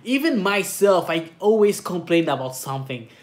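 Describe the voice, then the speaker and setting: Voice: medium pitch, big pitch swings, moderate pace. A native French speaker with a French accent, hosting a casual livestream as a skater, chatting and reading comments with many hesitant filler sounds. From France. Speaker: livestream host, slalom skater. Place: home in Paris.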